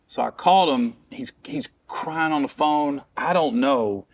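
His voice sits fairly high and moves a little slowly: a middle-aged comedian from Cincinnati, Ohio, guesting and telling a personal tale openly. The delivery rambles, full of restarts and jokes at his own expense.

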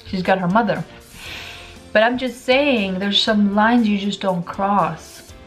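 A woman's voice: mid-range voice, slow, faint music behind, poor audio. A woman talking casually to her viewers in an opinion vlog, chatty and emphatic, repeating her points and eating as she speaks. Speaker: lifestyle vlogger.

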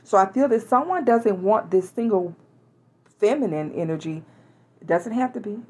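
A woman's voice: medium pitch, a little mellow, slightly rough. A woman reading tarot cards for her viewers in a chatty, casual way, with small laughs and restarts. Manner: chatty, laughs now and then, hesitant restarts. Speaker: tarot reader.

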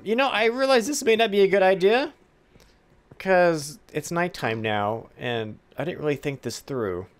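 A let's-play gamer giving casual gameplay commentary, playfully talking to a pet pig, humming along and squealing with alarm. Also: medium pitch. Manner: excitable, squeals and gasps in alarm.

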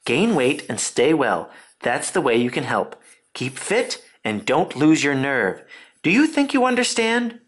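A man voicing a calm, wise female spider in a storybook, steady and reassuring. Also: on the high side, a little slow, slightly rough, voice pushed up, heavily acted. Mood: soothing.

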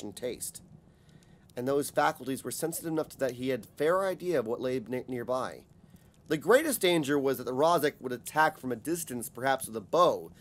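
A man narrating a fantasy audiobook in a measured, steady reading voice. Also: medium pitch.

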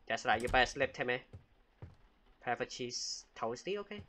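A gamer with a mid-range voice, lively intonation, and moderate pace offers jokey, casual commentary as he plays, talking back to the game with frequent exclamations. His voice sounds pushed and bright, with a little hiss or hum in the recording.

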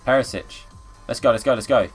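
A young man commenting live on a football video game as a streamer, chatting with viewers and bursting into excited shouts at the play. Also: medium pitch, a little fast. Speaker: gaming streamer. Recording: faint background music.

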